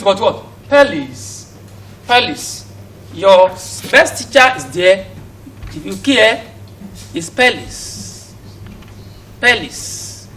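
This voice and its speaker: A man with a Nigerian accent teaches English pronunciation in a high, bright voice. He keeps asking his students questions and repeating each word as a drill. He sounds set back from the mic, with a faint hiss behind him. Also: distant mic, poor audio. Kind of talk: recorded classroom lesson for students at home.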